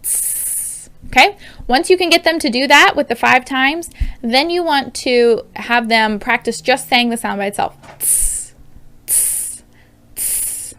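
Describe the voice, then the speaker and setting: A woman in her thirties with a fairly high voice explains speech sounds in a bright, upbeat teaching manner. She often breaks off to model sounds aloud, as in a friendly instructional video. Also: normal speed. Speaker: speech therapist teaching parents.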